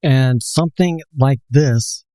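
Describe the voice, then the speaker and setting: A man co-hosting a dating advice show as a dating coach, explaining things calmly and telling personal stories. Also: mid-range voice, slow, no echo, rough recording. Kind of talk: casual chat.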